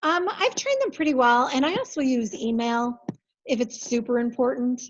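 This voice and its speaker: Practical woman giving software training. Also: on the high side, normal speed, highs cut off, a little hiss or hum. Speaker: compliance coordinator. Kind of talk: software training over video call.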